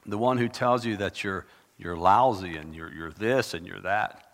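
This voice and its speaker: A man preaching a sermon in a dramatic, conversational way, with sudden bursts of loud emphasis. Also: deep voice, normal speed. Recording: long reverb of a large hall.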